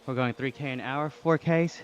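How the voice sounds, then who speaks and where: A man's voice: medium pitch, moderate pace, muffled recording, a little hiss or hum. An Australian man streaming live, chatting casually and reading out chat while he cycles, laughing often. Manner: relaxed, chatty, reads chat aloud with frequent laughs.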